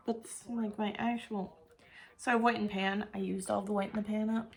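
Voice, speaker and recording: A woman's voice: mid-range voice, level tone, normal speed. A woman makeup vlogger chatting casually to herself while she works, rambling and thinking aloud.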